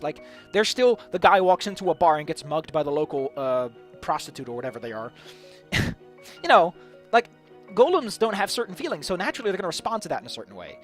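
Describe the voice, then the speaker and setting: A man's voice: high-pitched, sing-song, fast, a bit bright, faint music behind. A young man ranting off the cuff about a tabletop campaign idea, rambling with many restarts and frequent swearing. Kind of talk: unscripted solo rant.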